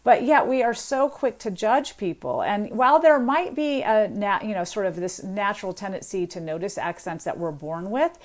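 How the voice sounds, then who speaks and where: A woman's voice: medium pitch, normal speed, few pauses. A woman linguistics professor, a guest on a radio interview, explaining earnestly with frequent restarts.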